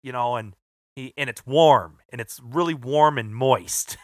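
A man's voice: medium pitch, unhurried, no room sound, clean studio sound. A man co-hosting a podcast, chatty as he tells a personal anecdote and laughs along. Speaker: podcast co-host. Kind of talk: casual chat.

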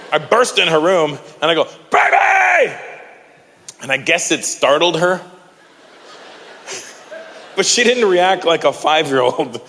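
A man performing a stand-up comedy routine, talking in an animated way and bursting into loud character bits. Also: mid-range voice, a little hiss or hum. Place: large live comedy venue. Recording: live venue with long reverb and faint crowd ambience.

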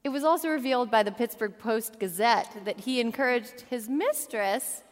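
Female panelist, sardonic deadpan, raised pitch, reverb from the venue. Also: normal speed. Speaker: guest panelist. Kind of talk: live comedy podcast banter. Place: live show on stage with audience.

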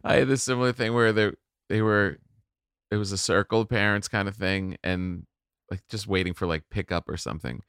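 A middle-aged man, a comedian guest on a podcast, chatty and rambling and quick to laugh. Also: lowish voice, steady tone, a bit bright, clean tone, no echo, clean studio sound. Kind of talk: casual podcast conversation.

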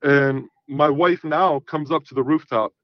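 Podcast guest, man, raunchy animated storyteller, slightly high voice, dull dry recording. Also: a little slow, no echo. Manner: profane, animated, acts out quoted dialogue. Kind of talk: casual storytelling.

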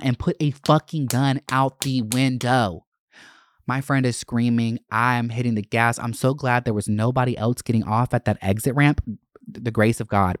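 A man telling a storytime rant to his followers, casual and profane, with quick jumps up in pitch. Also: no room sound, clean studio sound. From Atlanta area. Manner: profane, animated, quick bursts of rising pitch. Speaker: content creator.

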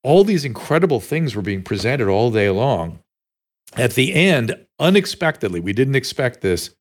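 Storytelling male talk show host. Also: medium pitch. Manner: animated storyteller, frequent restarts. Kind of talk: casual conversational interview.

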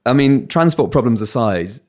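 A man's voice: medium pitch, animated, normal speed, darkish tone. A British man and radio presenter, a guest in a casual interview, talking candidly and telling self-mocking stories.

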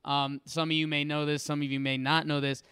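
Man, podcast co-host, enthusiastic, rambling, smooth clear voice, dry mic. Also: fairly high pitch, level tone, fairly quick, pushed and bright, no echo. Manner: enthusiastic, rambling, repeats words. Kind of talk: casual sports podcast chat and ad read.

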